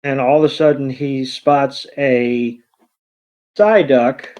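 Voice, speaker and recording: A man co-hosting a podcast, recapping a film in unhurried, halting, casual narration. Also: medium pitch, fairly even intonation, darkish tone. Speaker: podcast co-host. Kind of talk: casual movie recap chat. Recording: dull lo-fi podcast audio.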